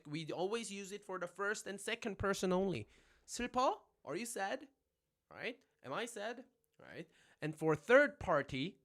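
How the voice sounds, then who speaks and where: A young man teaching a casual livestream language lesson, chatty and animated, always checking in with his viewers. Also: high voice.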